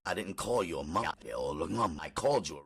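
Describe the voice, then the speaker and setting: A man playing a tough, gruff but affectionate grown boxer who talks in drawling, teasing tough-guy slang. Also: low-pitched, expressive, normal speed, fairly bright tone, heavily acted.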